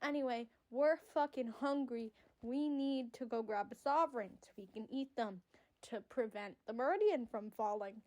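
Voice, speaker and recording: A woman's voice: a little high, normal speed, darkish tone, natural voice. Blunt hungry gods, as a woman quotes them. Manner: blunt, casual, offhand. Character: crude, hungry twin god voices.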